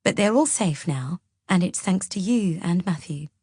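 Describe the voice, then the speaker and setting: A woman voicing a composed older mother-in-law who explains herself in a measured, earnest way. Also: lowish voice, expressive, warm tone, husky, no echo, clean studio sound.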